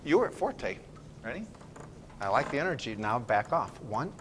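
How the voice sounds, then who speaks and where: A man leading a school band rehearsal, giving brisk, encouraging directions, counting off and singing phrases to show how they should sound. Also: medium pitch, very animated, noisy background. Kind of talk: ensemble rehearsal instruction.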